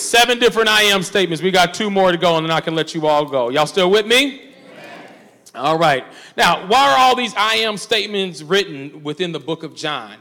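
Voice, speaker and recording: Bright-voiced pastor in a reverberant hall. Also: male voice, fairly high pitch, expressive, brisk. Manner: call-and-response preaching, coaxing the class along. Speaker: pastor leading Bible study. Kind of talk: Bible study teaching with scripture reading. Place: church hall.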